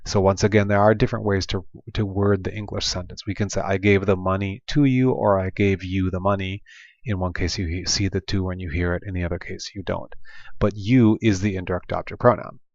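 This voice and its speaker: A Spanish teacher from Oklahoma in the United States gives a classroom lesson over slides, speaking with a deep, steady, darkish voice at a fairly quick pace. He teaches patiently in his Oklahoma accent, often saying "um" and restarting sentences. The voice-over is dull and lo-fi, with no echo.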